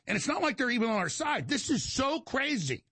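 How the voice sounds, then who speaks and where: A man's voice: very high voice, very animated, fairly quick, pushed and bright, slightly rough, dry recording. A male show host in an agitated, emphatic monologue, rambling and restarting his sentences. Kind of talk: heated monologue.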